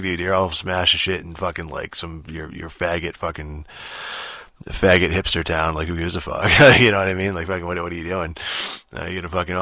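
A man's voice: deep voice, vocal fry, pushed and bright, no echo, studio quality. A man in a casual, rambling rant, swearing in almost every phrase and padding it with fillers and restarts.

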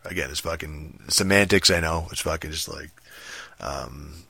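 A man's voice: extremely low pitch, moderate pace, creaky, sharp tone, slightly rough, no room sound. A man ranting casually about a video game, profane and rambling, with many fillers and restarts. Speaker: gaming commentator.

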